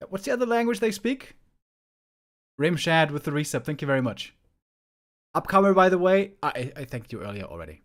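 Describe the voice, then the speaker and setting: A German man casting esports talks informally to viewers in English with an American tinge. His slightly high voice has big pitch swings and moves fairly quickly, broken by long pauses, as he rambles and repeats words looking for them.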